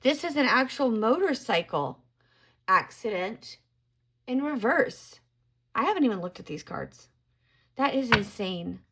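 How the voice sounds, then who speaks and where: A woman's voice: fairly high pitch, sing-song, unhurried, pauses often, a bit bright, husky. A middle-aged woman giving a casual tarot card reading to camera, musing aloud and exclaiming at what she draws.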